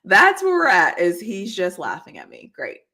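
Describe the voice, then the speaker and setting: A woman's voice: mid-range voice, huge pitch swings, normal speed, pushed and bright. A woman hosting a casual livestream, chatting freely, often laughing and answering comments from the chat. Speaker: livestream host.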